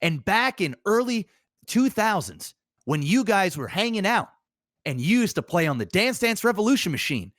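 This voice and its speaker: A man doing an earnest, excitable male interviewer. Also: sits high, normal speed, no echo, studio quality. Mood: earnest, building.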